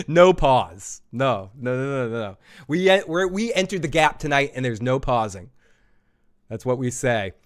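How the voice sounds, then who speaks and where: A man's voice: medium pitch, sing-song, normal speed. A man hosting a live podcast, loose and jokey, laughing often and tripping over his words. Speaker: podcast host.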